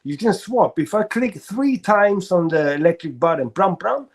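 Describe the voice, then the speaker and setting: A man's voice: high voice, animated, moderate pace. A man hosting a casual group chat, laughing often and talking emphatically.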